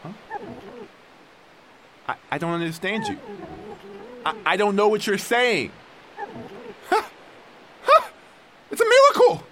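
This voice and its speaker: A man's voice: high-pitched, animated, a little slow, pauses often, a crowd in the background. An actor playing a distressed man overwhelmed as his senses return, stammering and breaking into frantic outbursts in an audio drama. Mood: confused, stammering.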